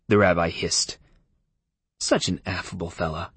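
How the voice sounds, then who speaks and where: A man's voice: low voice, sing-song, brisk, breathy edge, no room sound. A man narrating a first-person audiobook in a dry, wry tone.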